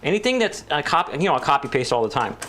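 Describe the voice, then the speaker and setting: A man's voice: on the high side, sing-song, racing, fairly bright tone, slight background noise. A man chatting casually and rambling with jokes while working on a computer build. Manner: rambling, joking, mimics voices. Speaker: PC building vlogger.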